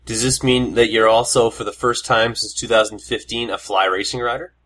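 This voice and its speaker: A man's voice: on the low side, fairly even intonation, a little fast, fairly bright tone. A Canadian man with a Canadian accent hosting a casual interview, chatty and joking with stammered restarts. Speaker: interview host.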